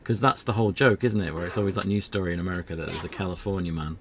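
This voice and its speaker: Low gravelly man rambling over gameplay. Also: steady tone, racing, slight background noise. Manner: rambling, self-deprecating, chatty asides. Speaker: streamer. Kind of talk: casual gameplay commentary.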